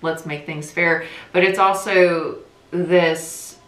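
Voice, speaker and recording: A young woman from New Jersey giving a casual tarot reading, talking quickly in a chatty, rambling way. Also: on the low side, fairly even intonation, fairly bright tone. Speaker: tarot reader. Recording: echoey room.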